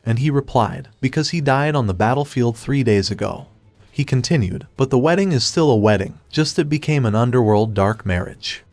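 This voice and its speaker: A man narrating a scripted comic recap in a steady, even storytelling read. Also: medium pitch, no echo.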